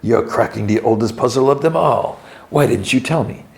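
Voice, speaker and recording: A man voicing a kindly elderly professor with a gentle, encouraging delivery while retelling a TV scene on a podcast. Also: mid-range voice, normal speed, pitched above the performer's own voice, close to an everyday voice. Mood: gentle warm.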